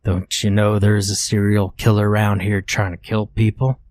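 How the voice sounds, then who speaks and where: A man's voice: lowish voice, little pitch movement, normal speed, a little mellow, no echo, lightly acted. A man voicing a friendly, wild naked Canadian man with an axe, speaking with a Canadian accent in a folksy, neighborly drawl.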